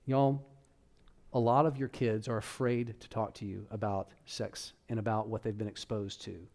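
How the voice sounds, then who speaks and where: A man's voice: on the low side, level tone, moderate pace, vocal fry, a little mellow. A man speaking to parents at a church workshop, talking to the audience in a conversational, direct way. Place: church hall.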